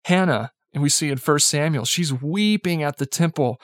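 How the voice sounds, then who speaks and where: A young man delivers a casual, chatty sermon in a slightly higher voice, sprinkling in "like" and "right?" and chuckling lightly as he goes. The sound is close and dry. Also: normal speed, dry recording. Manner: conversational, peppered with "like" and "right?"; chuckles lightly while speaking. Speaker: preacher.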